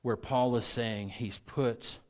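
A man preaching a sermon in an average-pitched voice, earnest and conversational, often restarting and repeating words. He swells to loud, emphatic peaks on key points, then sinks low and quiet as he cites chapter and verse. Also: steady tone, takes it slowly. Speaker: pastor.

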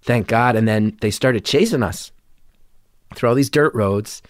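Give me a man from New Jersey telling an animated story, dry and close to the mic. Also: medium pitch, unhurried, no echo. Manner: animated, acts out quotes, many filler "like"s. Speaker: comedian guest. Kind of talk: casual storytelling in conversation.

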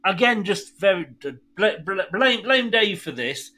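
A man's voice: high voice, expressive, measured pace, pushed and bright. A middle-aged man hosting a radio show, chatting with a caller and laughing through his stories. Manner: chatty storyteller, laughs often. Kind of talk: casual chat with a caller.

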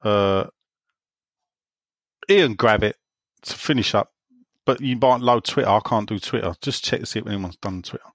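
Joking his way through a relaxed podcast conversation, an East End London man acts as host and reads listener questions aloud. He speaks at a moderate pace in a lowish voice and pauses often. The audio is clean studio quality without echo.

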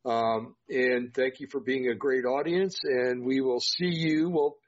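A man's voice: medium pitch, fairly even intonation, measured pace. A tired man hosting a podcast, affirming his co-host and signing off with lots of fillers. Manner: affirming, loose and filler-heavy. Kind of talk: casual podcast sign-off. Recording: dull lo-fi podcast audio.

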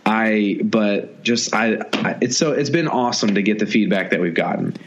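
A man's voice: on the low side, moderate pace, lo-fi sound, noisy background. A man co-hosting a podcast in casual chat, enthusiastic and rambling, with a self-deprecating streak. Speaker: podcast co-host.

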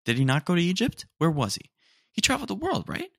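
A man's voice: sits high, wildly swooping pitch, fast, creaky, dry recording, studio quality. Rambling young man saying "dude" a lot. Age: young adult. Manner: rambling, slangy, says "dude" often, mock-indignant. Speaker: podcast host. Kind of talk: casual solo podcast rant. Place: room at home, roommates nearby.

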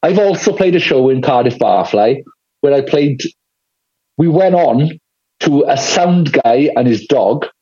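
A man's voice: mid-range voice, animated, a little slow, warm tone, husky, lo-fi sound. A man with a Welsh Valleys accent chatting candidly as a podcast guest, rambling through stories and swearing freely. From Wales. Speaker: guest musician. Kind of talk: casual podcast chat.

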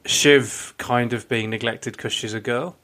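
Rambling man on a podcast, mid pitch. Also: fairly even intonation, measured pace, bright, forceful tone. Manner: rambling, hesitant, many fillers. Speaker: podcast co-host. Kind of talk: casual chat.

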